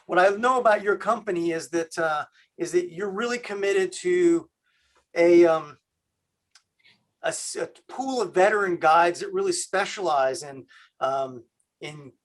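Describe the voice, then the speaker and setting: A man from Canada hosting a video call, talking in a halting way with many fillers. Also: high voice. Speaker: host.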